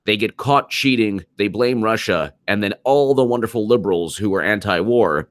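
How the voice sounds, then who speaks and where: On his political live stream, a deep, low-voiced man with a fairly bright tone talks at a moderate pace, hammering his points emphatically and repeating himself. He breaks off to respond to viewer comments and reads super chats out loud. The sound is close and dry, with no echo.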